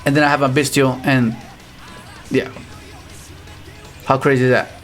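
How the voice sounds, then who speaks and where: A man giving casual, rambling commentary on his own card game matches, with frequent restarts and excited outbursts. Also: medium pitch, a little slow, faint music behind. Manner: rambling, restarts often, animated exclamations.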